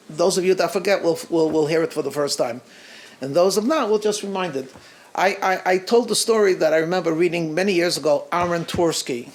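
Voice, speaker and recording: A middle-aged man with an American accent, a rabbi telling stories to a gathering in an animated, halting way, with many restarts and chuckles. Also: high-pitched. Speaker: rabbi giving a talk. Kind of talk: storytelling talk at a gathering.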